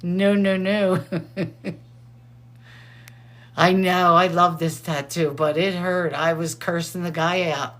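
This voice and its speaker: A middle-aged woman hosting a show, chatting casually and excitedly, laughing often. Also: fairly low pitch, slow pace, long pauses. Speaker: host. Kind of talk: casual chat.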